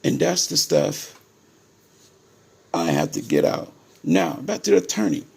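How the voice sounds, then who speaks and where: Gravelly-voiced man addressing viewers directly. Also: on the high side, huge pitch swings, unhurried, a little mellow. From Ohio, USA. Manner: emphatic and repetitive, addresses viewers as "people". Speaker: parent telling his story to viewers. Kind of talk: casual direct-to-camera monologue.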